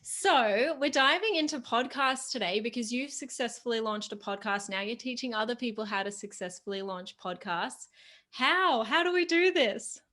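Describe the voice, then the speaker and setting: A woman's voice: on the high side, expressive, moderate pace, bright, forceful tone. A woman hosting an interview, enthusiastic and gushing as she sets up her questions. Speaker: host. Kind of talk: casual interview talk.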